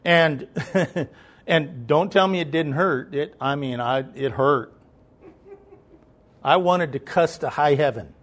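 This preacher has a fairly high voice and takes things slowly. His sermon is conversational, with frequent checks that the listeners are with him, until he rises into loud, emphatic preaching.

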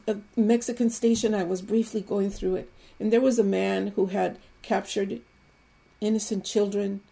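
A woman preaching an Easter sermon with fervent, emphatic repetition that builds to loud exclamations. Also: medium pitch, creaky.

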